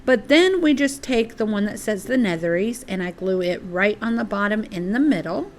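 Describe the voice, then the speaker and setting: A woman's voice: medium pitch, expressive, normal speed. A woman hosting a casual craft tutorial, chatty and apologetic and a little out of breath. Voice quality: chatty, apologetic, uses y'all. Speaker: DIY crafts channel host. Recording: soft music behind.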